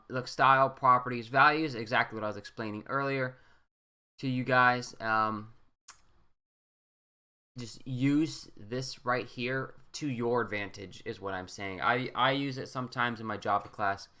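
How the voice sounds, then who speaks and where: A man's voice: mid-range voice, a little slow, sharp tone. A young man walking students through a coding lesson in a casual, rambling way, often checking in with "right?". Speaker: teacher. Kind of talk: screen-recorded coding walkthrough.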